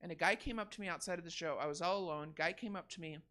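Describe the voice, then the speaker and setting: A woman's voice: fairly low pitch, rapid-fire, a bit bright. A woman in her thirties doing a stand-up comedy set on a theater stage, rambling and conversational with many "like"s and "you know"s. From Northern California.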